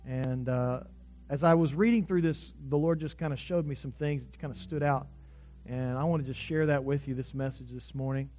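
A man's voice: medium pitch, fairly even intonation, moderate pace, faint music behind. A man from Oklahoma who is a pastor, preaching a sermon earnestly, telling stories and leading prayer, in a dull lo-fi recording.

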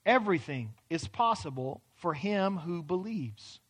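High-voiced preacher swinging from loud to hushed. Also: male voice, animated, unhurried. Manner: dramatic swings from loud pleading to hushed whisper. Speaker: pastor. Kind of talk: sermon. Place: church hall.

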